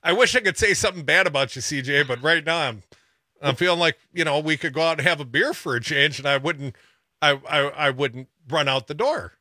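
A man hosts a radio talk show from the studio, teasing a caller with good-natured jabs. His voice sits a little high and comes across bright and forceful. The sound is dry and close. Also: a little fast, no room sound. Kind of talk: casual radio banter.

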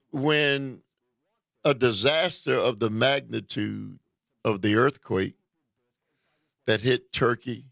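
A man giving an indignant political opinion monologue, deliberate and repeating himself as he restarts. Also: mid-range voice, creaky, a bit bright, dry recording, studio quality. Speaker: political commentator. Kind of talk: reading a news report aloud.

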